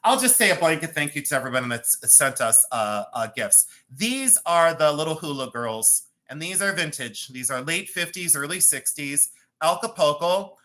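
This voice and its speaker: A man hosting a live jewelry and art sale stream, talking in a chatty, excitable way with self-mocking banter from a room at home. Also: a little high, normal speed. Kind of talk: live-stream selling chat.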